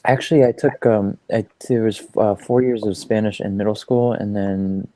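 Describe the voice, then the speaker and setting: Laid-back low-voiced man, dry sound. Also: fairly even intonation, normal speed, mellow, dry recording. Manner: chuckles often, laid-back. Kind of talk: casual chat among friends.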